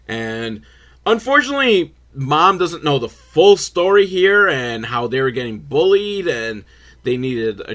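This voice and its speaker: A young man recapping a film for laughs in an animated, swearing manner, slipping into voices for the characters. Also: on the high side. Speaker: host reacting to a film.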